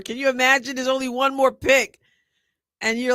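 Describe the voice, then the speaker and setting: A middle-aged woman hosting a live stream, chatting casually and excitedly as she reacts to a sports draft and answers her viewers. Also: high voice, normal speed, dry recording, studio quality. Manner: chatty and excitable, thinking aloud and talking to chat viewers.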